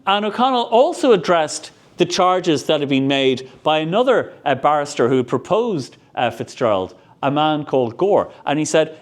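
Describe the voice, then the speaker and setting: Male lecturer, animated storyteller, slightly high pitch with a very expressive range. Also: moderate pace, few pauses. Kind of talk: public history lecture.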